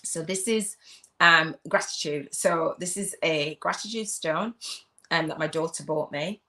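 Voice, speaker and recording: This is a middle-aged English woman from the UK leading a live video chat as a spiritual business coach. Her voice sits low and she keeps a measured pace, though she's loud and effusive with plenty of laughs.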